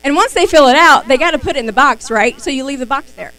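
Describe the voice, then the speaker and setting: A young adult woman giving a lively sales training talk on a live stream, acting out her customer conversations. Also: high voice, quick pace, poor audio. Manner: lively, acts out customer dialogues. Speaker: beauty sales consultant.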